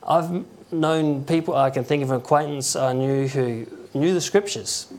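Man, conversational preacher, halting delivery, acts out stories. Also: medium pitch, a little mellow. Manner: conversational, halting, with chuckles and acted quotes. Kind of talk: informal sermon.

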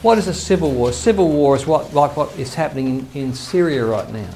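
A man's voice: fairly high pitch, animated, fairly quick, creaky, dark tone, a little hiss or hum. An older man, a pastor earnestly teaching a sermon and quoting scripture. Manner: earnest preaching, quotes scripture, chuckles to himself.

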